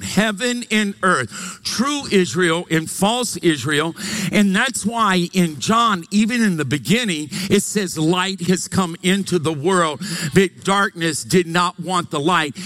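A male pastor preaching a lively sermon in church, joking and calling on the congregation to say verses and amen with him. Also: high voice. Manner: energetic, joking, calls on the congregation to respond. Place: church, live service.

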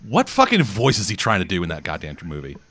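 A man's voice: low voice, lively intonation, quick pace, fairly bright tone. A man hosting a casual podcast, talking in a rambling, sarcastic way and swearing often. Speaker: podcast host.

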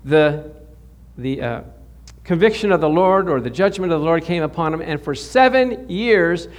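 Male pastor, high voice, animated storytelling sermon, frequent laughs and repeated words. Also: normal speed. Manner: storytelling, animated, rises sharply when quoting prayers.

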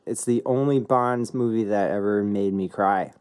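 A man's voice: on the low side, moderate pace, a little mellow, smooth. A man co-hosting a casual chat, easygoing and a little hesitant. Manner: easygoing, hesitant, with fillers and restarts.

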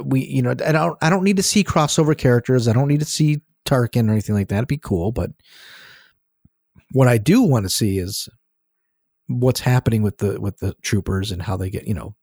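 A man co-hosting a casual podcast, halting and joking as he steers the conversation. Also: medium pitch, a little mellow, dry recording, clean studio sound. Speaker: podcast co-host.

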